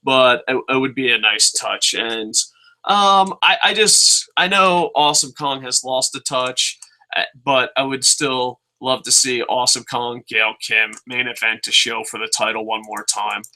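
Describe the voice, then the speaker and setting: Sharp-voiced man ranting profanely. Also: medium pitch, unhurried. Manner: sarcastic, swears constantly, acts out quotes. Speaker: wrestling show reviewer.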